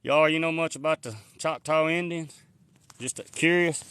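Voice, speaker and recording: Live-streaming casually from the woods with his phone in hand, a man rambles in a folksy way and answers comments from viewers. His slightly high voice is bright, clear and resonant, with fairly even intonation and a moderate pace, recorded dry.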